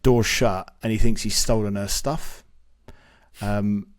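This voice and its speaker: A young man, casually telling a story on a podcast, animated and swearing freely as he acts out what people said. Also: on the low side, slow pace. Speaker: podcast co-host.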